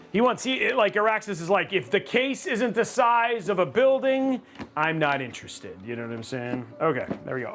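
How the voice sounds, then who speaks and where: A man hosting a live stream while building a gaming PC, chatting casually with viewers and breaking into loud mock-rage outbursts. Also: high-pitched, a little hiss or hum. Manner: excitable, reads chat aloud, loud outbursts of mock rage. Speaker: livestream host building a gaming PC.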